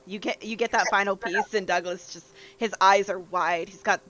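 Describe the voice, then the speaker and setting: A game master narrating a tabletop game, halting often with fillers and restarts. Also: mid-range voice, steady tone, sharp tone, highs cut off. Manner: hesitant narration with many fillers.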